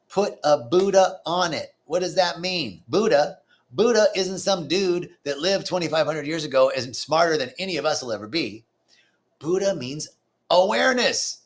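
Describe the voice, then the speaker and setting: A man giving a spiritual talk, earnest and conversational, now and then acting out inner voices with a curse. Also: a little high. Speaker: spiritual teacher. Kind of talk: live-streamed spiritual talk.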